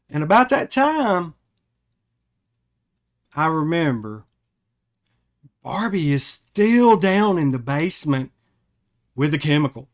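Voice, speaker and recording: A man hosting a podcast, telling a funny personal story in a rambling, animated way and often correcting himself. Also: on the high side, slow, pauses often. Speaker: podcast host. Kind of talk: casual storytelling.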